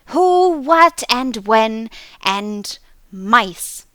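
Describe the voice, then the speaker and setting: A woman voicing tiny winged creatures that chatter nonsense in a shrill, drawn-out sing-song. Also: big pitch swings, bright, forceful tone, dry recording, studio quality, exaggerated voice.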